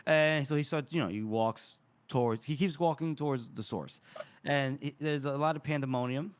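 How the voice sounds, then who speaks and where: A man's voice: medium pitch, moderate pace, clean tone. A man co-hosting a book podcast, playfully recapping chapters with frequent laughs.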